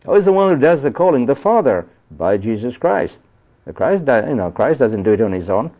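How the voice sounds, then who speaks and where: Male preacher, mid-pitched, conversational Bible teaching, tinny phone-like audio. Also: big pitch swings, a little fast. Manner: expository Bible teaching, frequent "you see" and "you know". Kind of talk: sermon.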